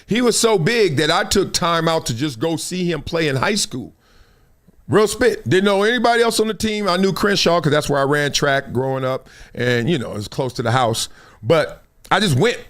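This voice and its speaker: A middle-aged host with a Los Angeles accent and a fairly high-pitched voice spins a long story while chatting casually on his show. He acts out the scenes, peppering them with slang.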